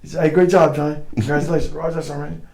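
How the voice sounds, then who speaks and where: Brief: middle-aged man with a raised voice and quick delivery, a salty guest spinning army stories with acted-out quotes. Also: on the high side, rough recording. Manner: animated, profane, slangy, acts out quoted voices. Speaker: guest, former Green Beret. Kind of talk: casual storytelling chat.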